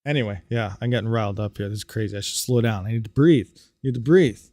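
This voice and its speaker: A man's voice: lowish voice, no echo. Ranting male crypto streamer, close dry mic. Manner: animated, ranting, talks fast then trails off quietly. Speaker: crypto mining livestream host. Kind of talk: casual livestream chat reading viewer comments.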